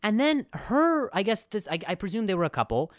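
A man's voice: high voice, big pitch swings, a little fast, dry recording, clean studio sound. Rambling, joking man on a podcast. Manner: rambling, jokey, full of restarts and asides. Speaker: podcast host. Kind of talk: casual comedic podcast chat.

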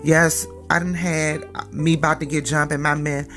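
A woman's voice: deep voice, flat delivery, normal speed, a bit bright, soft background music. A woman vlogger giving emphatic, slangy, lecturing commentary straight to her viewers. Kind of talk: direct-to-camera commentary.

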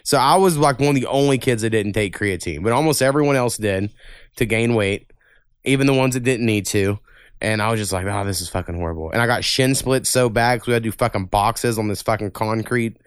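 A man hosting a casual podcast, spinning rambling, profanity-laced stories. His voice is smooth and clear, and the recording is close and dry with no room sound. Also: medium pitch, fairly quick, no echo. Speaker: podcast host. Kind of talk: casual chat.

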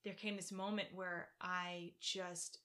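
A woman from Virginia, a podcast guest telling a personal story in casual interview talk, animated and laughing often. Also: fairly low pitch, takes it slowly. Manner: animated, laughs often, acts out her own quotes. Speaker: podcast guest, practicing shaman.

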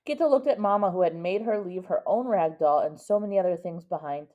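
A woman's voice: on the low side, animated, a little fast. A woman reading a picture book aloud to a child, stopping to explain words, on a dull lo-fi recording. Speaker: reader to a child.

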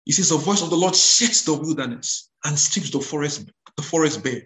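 A man preaching a sermon. He repeats words, restarts his phrases and calls out hallelujah, and he reads scripture aloud slowly and with weight. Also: fairly high pitch, fairly bright tone, reverberant.

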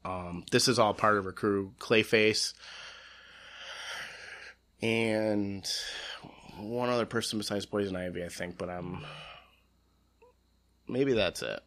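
A man co-hosting a podcast, talking about shows in relaxed casual chat and laughing easily. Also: fairly low pitch, slow, pauses often. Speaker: podcast co-host.

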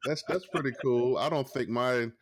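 A man's voice: mid-range voice, moderate pace, no room sound, studio quality. A man with a Southern accent from Georgia, co-hosting a podcast in easygoing casual chat. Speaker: podcast co-host.

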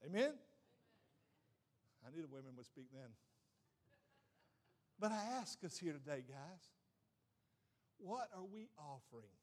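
A man's voice: a little high, expressive, unhurried, pauses often. A middle-aged male pastor preaching a sermon with emphasis, often saying "watch this" and putting questions to the congregation.

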